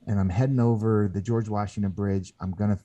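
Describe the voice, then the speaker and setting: A guest author on a podcast interview tells a story in earnest, his lowish, warm voice keeping a fairly even intonation through a muffled recording. He acts out the voices he quotes, but his speech is halting and he keeps restarting sentences.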